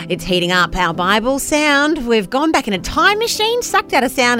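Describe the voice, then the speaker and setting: Lively New woman on breakfast radio. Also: a little high, normal speed, hardly any pauses. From New Zealand. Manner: bubbly, playful, expressive. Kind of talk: casual radio banter and devotional reading. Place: radio studio. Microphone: studio microphone.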